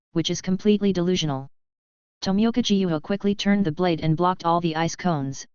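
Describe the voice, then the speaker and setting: A woman narrating an audiobook of a web novel in an even, steady reading. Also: fairly low pitch, smooth, no echo, highs cut off.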